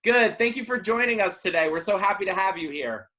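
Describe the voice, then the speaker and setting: A man's voice: sits high, lively intonation, fairly quick, sharp tone. A man hosting an interview show, greeting his guest in an upbeat, welcoming way. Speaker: talk show host.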